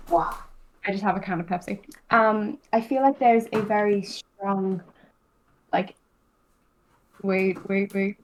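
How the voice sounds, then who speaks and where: A woman's voice: medium pitch, slight background noise, low-quality recording. A woman from England with an English accent tinged with Irish, chatting casually as a podcast guest, rambling with many fillers and laughing easily. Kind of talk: casual chat.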